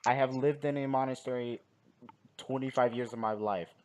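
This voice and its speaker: A man's voice: medium pitch, steady tone, normal speed, darkish tone, natural voice. A man playing a polite, sheltered young monk. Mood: polite earnest. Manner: polite, hesitant requests. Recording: noisy recording.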